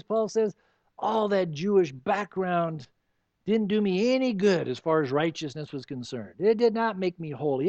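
Male pastor, high voice, animated sermon, dry dull recording. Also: no room sound. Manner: expository preaching, animated with rhetorical questions.

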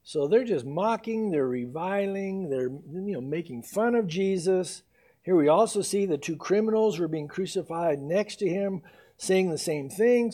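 A male pastor delivering an impassioned sermon in a high, mellow voice. He swells louder when reading scripture and drops to a hushed, intimate tone for emphasis. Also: animated, unhurried. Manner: impassioned preaching, rising loud on scripture, dropping soft and intimate.

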